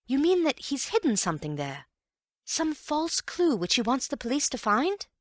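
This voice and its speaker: A woman doing an eager, excitable young man. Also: a little high, no room sound, clean studio sound, pitched above the performer's own voice. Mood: excited. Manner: eager, quick exclamations.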